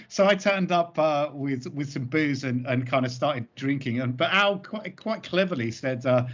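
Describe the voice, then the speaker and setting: Man, comedian, interview, rambling storyteller, mid pitch, muffled lo-fi sound. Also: lively intonation, moderate pace, few pauses, a bit bright. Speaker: comedy double-act performer. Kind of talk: interview answers. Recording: dull lo-fi recording.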